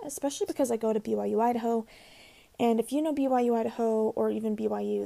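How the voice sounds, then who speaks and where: A woman's voice: a little high, creaky, warm tone. A woman in her twenties hosting a casual solo podcast, chatty and rambling with lots of fillers. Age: 20s. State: out of breath. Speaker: podcast host.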